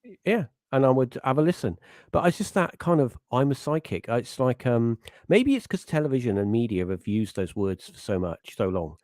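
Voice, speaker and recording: A man's voice: mid-range voice, animated, moderate pace, a little mellow, no room sound. Rambling man, dry sound. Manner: rambling, self-interrupting, acts out quotes. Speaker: podcast host. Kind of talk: casual chat.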